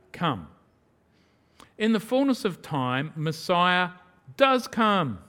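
A middle-aged man preaching a sermon, emphatic, with dramatic swings in pitch and loudness. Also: big-room sound.

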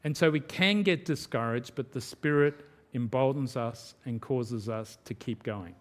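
A man's voice: medium pitch, unhurried. A man preaching a sermon in a conversational style, acting out quotes. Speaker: pastor.

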